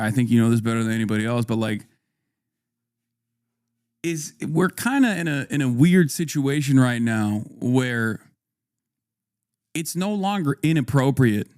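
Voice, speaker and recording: A man's voice: medium pitch, darkish tone, smooth, no room sound, studio quality. A man streaming live and talking casually to his chat, profane and conversational, reading viewer comments aloud and arguing back. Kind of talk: casual livestream talk to chat.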